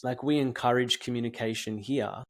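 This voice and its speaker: A man in his thirties hosting a podcast, telling stories in a rambling, animated way with lots of fillers. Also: mid-range voice, normal speed. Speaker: podcast host. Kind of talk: casual podcast chat.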